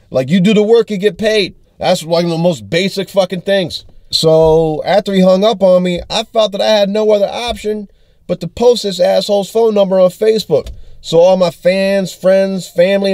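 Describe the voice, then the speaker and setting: A man's voice: high-pitched, normal speed, darkish tone, no room sound. A young adult man, a touring comedian, telling an angry, profane story in a video diary and acting out the texts and calls. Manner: angry, profane storytelling that acts out text exchanges.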